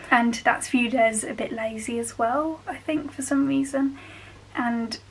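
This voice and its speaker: A woman's voice: fairly high pitch, unhurried, slight background noise, poor audio. A young woman from England with a Black Country accent, chatting casually to camera as a vlogger and laughing often. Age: young adult.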